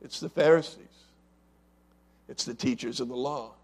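A pastor delivers a sermon in a husky, medium-pitched voice at normal speed. He poses rhetorical questions to his congregation and alternates between loud, emphatic lines and quiet asides.

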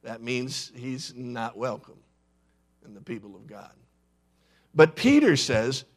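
A man preaching a sermon, telling the story in a dramatic way with sudden drops from loud to hushed. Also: medium pitch, very animated, slow, pauses often. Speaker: pastor.

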